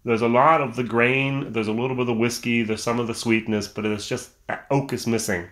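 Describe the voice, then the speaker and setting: A man's voice: mid-range voice, steady tone, brisk, fairly bright tone. A man giving a casual, enthusiastic whisky review on camera at home, chatting with frequent restarts and fillers. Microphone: camera mic.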